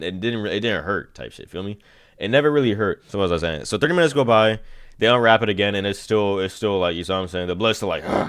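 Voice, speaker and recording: A man's voice: lowish voice, a bit bright. A young man streaming to his chat, telling a long story in a rambling, slang-heavy way and repeating "you see what I'm saying.".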